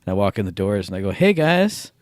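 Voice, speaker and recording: A man's voice: lowish voice, sing-song, fast, a little mellow, dry recording, clean studio sound. A man co-hosting a casual gaming podcast over a Skype call, wry and self-deprecating. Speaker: podcast co-host.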